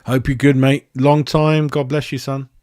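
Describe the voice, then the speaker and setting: A man talking football like a fired-up fan, swearing freely and saying it the way he sees it. His voice sits at an ordinary middle pitch and comes through a dry, close handheld mic with no room sound. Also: moderate pace, no echo. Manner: excitable, sweary and blunt. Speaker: fan channel host. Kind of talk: football match review chat. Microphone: handheld microphone.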